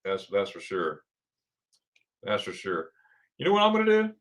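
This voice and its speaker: A middle-aged man from Florida runs a relaxed livestream, reading out viewer comments and greeting each person by name. His voice swings up and down with plenty of animation, and he laughs easily between his friendly remarks. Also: on the low side, moderate pace. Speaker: livestream host. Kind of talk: casual live chat reading viewer comments.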